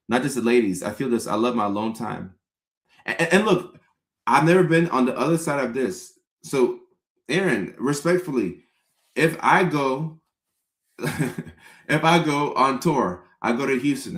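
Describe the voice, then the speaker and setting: A young man, a comedian host, riffing casually with viewers and slipping into mock-pleading voices for his bits. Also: medium pitch. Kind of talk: casual comedic riff to chat. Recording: echoey room.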